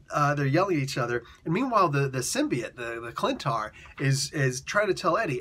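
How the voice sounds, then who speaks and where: A man casually reviewing a comic book, chatty and animated, slipping into quick character voices. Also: fairly high pitch, slightly rough. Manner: chatty, with many fillers and restarts.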